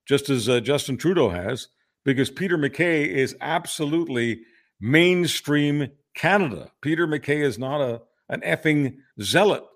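A man co-hosting a political podcast talks at a normal speed in a higher-than-average voice with lively intonation. He's opinionated and emphatic in this casual political chat, and he often restarts his sentences.

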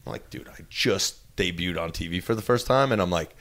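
Animated low-voiced man telling a story. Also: a little fast. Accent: New Jersey. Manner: animated, acts out quotes with big pitch jumps. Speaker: interview guest. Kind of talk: storytelling in an interview.

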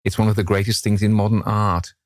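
A man's voice: lowish voice, level tone, a little fast, no echo, studio quality, voice pushed up, lightly acted. A man playing a languid, witty aristocrat. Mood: enthusing.

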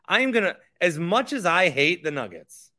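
A young man talking sports on his podcast with a bright, forceful voice pitched a bit high. He rants in a heated way and repeats himself as he gets worked up. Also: very animated, moderate pace. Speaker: podcast host. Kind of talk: casual sports talk monologue.

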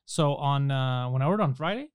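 A young man telling stories in a casual podcast chat. He talks fast and acts out the voices in his stories, and he swears freely. His voice is smooth and slightly high, and the recording is dry and close. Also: expressive, dry recording.

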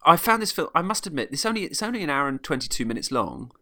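A man's voice: fairly high pitch, big pitch swings, fast talker, bright, forceful tone. A man chatting casually as a podcast co-host, rambling with frequent laughs and restarts. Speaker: podcast co-host reviewing a film. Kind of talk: casual chat.

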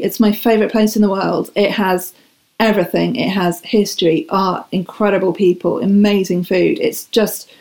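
A woman's voice: medium pitch, warm tone. A woman talking as a guest in a casual podcast chat, enthusiastic and self-deprecating.

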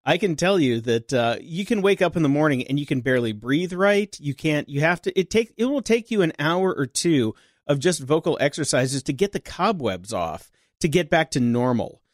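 Upbeat male podcast producer, slightly high voice. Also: animated, normal speed, hardly any pauses, dry recording, studio quality. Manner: upbeat, joking, emphatic. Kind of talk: casual podcast chat.

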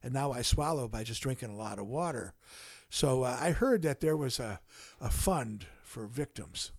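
An older man, a guest on a podcast, telling a long story in an unhurried way with many pauses and some dry humor. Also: medium pitch, expressive, no echo. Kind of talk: casual storytelling in a podcast conversation.

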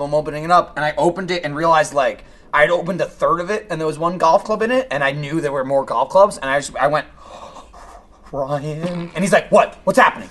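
A man co-hosting a podcast, telling stories in a casual chat with loud outbursts and swearing. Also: a little high. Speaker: podcast co-host.

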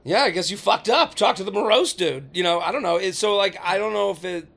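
Gravelly comedian in his thirties. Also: high-pitched, brisk, a bit bright. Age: 30s. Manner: rambling, filler-heavy, acts out quoted lines. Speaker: comedian guest. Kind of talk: casual podcast chat.

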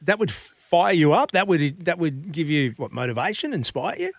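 A man's voice: a little high, very animated, normal speed, no echo, clean studio sound. A man hosting a sports radio show, interviewing a guest with a chatty, upbeat manner. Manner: chatty and upbeat, laughs along.

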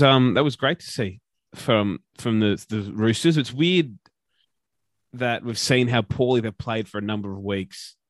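Aussie bloke ranting about footy on a podcast, fired up, dry close mic. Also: male voice, mid-range voice, no room sound. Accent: Australian. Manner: opinionated, ranting, swears. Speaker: podcast co-host. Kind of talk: casual sports chat.

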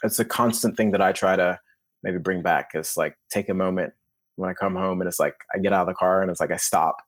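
Laid-back tennis coach, low voice. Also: male voice, brisk. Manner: relaxed, rambling, acts out inner voices. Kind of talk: casual podcast interview.

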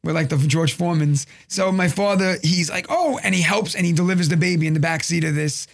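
A man's voice: a little high, fairly even intonation, fast, gravelly. A man in his thirties casually telling rambling, profane comedic stories, slipping into voices for the people in them. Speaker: guest telling a story.

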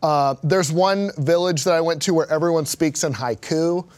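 A man co-hosting a casual gaming podcast, easygoing and quick to laugh along. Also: a little high, darkish tone. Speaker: podcast co-host.

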